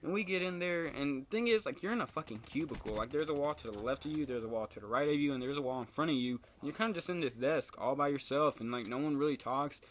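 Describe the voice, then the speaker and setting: A young man casually telling a personal story in a vlog, full of slang and swearing, and jumping up in pitch when he quotes people. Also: expressive, fast talker, hardly any pauses, a little hiss or hum. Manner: laid-back slangy storytelling, swears a lot, jumps high for quoted lines.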